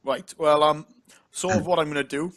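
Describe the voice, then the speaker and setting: Jokey man with a slightly high voice. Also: fairly even intonation, moderate pace, background noise. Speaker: co-host. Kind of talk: casual chat.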